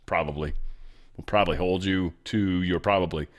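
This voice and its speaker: A man hosting a news commentary show, in animated, jokey talk that swings between loud remarks and soft asides. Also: medium pitch, moderate pace. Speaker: show host.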